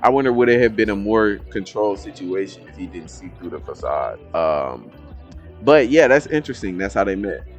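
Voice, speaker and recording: A man hosting a casual comic reaction video, talking to viewers in a swearing, animated way. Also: fairly low pitch, normal speed, faint music behind. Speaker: reaction channel host.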